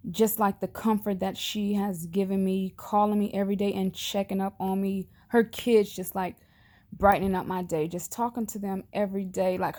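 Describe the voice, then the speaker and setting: A woman's voice: medium pitch, warm tone. Grieving mother holding back tears. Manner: halting and earnest, trailing off. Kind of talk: personal video message.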